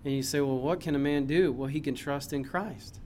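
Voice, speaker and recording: A man preaching a sermon in a church, impassioned, swinging from loud emphasis to low earnest tones. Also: normal speed, a little hiss or hum. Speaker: pastor.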